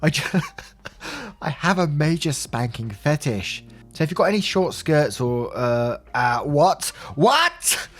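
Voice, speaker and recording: A man's voice: on the high side, sing-song, slow pace, fairly bright tone, heavily acted. A man voicing a nervous, awkward young classmate who stammers and keeps apologizing. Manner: stuttery, hesitant, apologetic.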